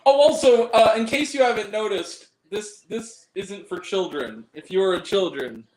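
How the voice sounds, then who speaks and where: A man hosting a casual stream, joking loudly and swearing between giggles. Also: high-pitched, normal speed, roomy sound, poor audio. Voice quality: crude, loud, giggly banter. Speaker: host. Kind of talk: casual profane chat.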